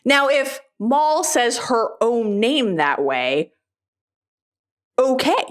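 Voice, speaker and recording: A woman's voice: on the high side, animated, extremely slow. A woman co-hosting a podcast in casual chat, rambling and self-deprecating, laughing often. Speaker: podcast co-host.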